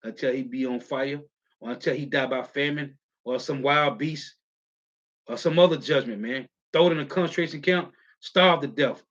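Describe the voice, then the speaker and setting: A man preaching in a slangy, emphatic way, keeping up a steady "man" as he reads and comments on scripture verses. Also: mid-range voice, moderate pace. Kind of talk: street-style scripture teaching, reading verses. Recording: muffled lo-fi audio.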